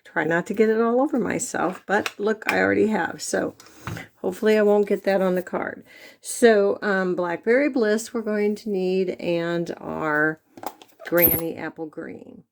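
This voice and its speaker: A woman's voice: mid-range voice, measured pace, vocal fry, slight background noise. A woman from the United States giving a chatty step-by-step card-making tutorial, with frequent fillers. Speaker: stamping demonstrator. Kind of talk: craft tutorial.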